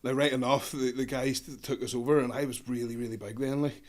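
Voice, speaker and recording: A man's voice: mid-range voice, fairly even intonation. A man, a guest on a casual podcast chat, telling stories in a chatty way. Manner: fast, chatty storyteller.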